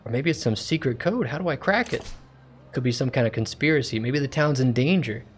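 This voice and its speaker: A man's voice: mid-range voice, lively intonation, brisk, slight background noise, lightly acted. A man reading game subtitles aloud as a scheming yakuza club manager who talks himself through a puzzle, in a plain reading voice. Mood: musing.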